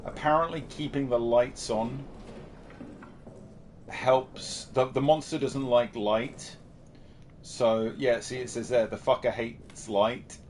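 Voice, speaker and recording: A British man with a mid-range voice and fairly even intonation chats casually and slowly while livestreaming a horror game. He reads out viewer messages as he plays, with slight background noise behind him.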